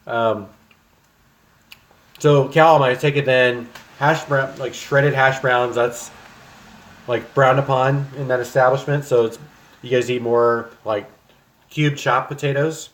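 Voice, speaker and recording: A man's voice: mid-range voice, fairly even intonation, slow, long pauses. A young man chatting casually to viewers while cooking in his home kitchen on a livestream, rambling with plenty of ums. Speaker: streamer.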